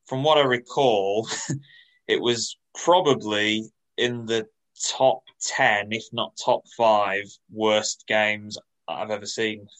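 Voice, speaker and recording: Dry, low-voiced podcast co-host. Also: male voice, fairly even intonation, a bit bright, rough recording. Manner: dry, teasing, measured. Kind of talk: casual chat.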